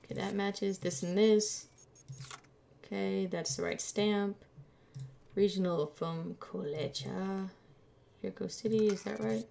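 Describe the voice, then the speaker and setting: Slow, gravelly woman streamer muttering. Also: mid-range voice, steady tone, dark tone, a little hiss or hum. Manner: muttering to herself while checking documents, playful. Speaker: gameplay streamer. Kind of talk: casual let's-play commentary.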